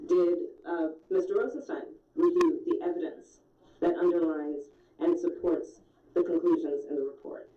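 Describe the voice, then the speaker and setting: A woman's voice: fairly low pitch, moderate pace. A woman questioning a witness at a formal hearing, firm and methodical, quoting documents aloud. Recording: distant, echoey, dull hearing-room audio.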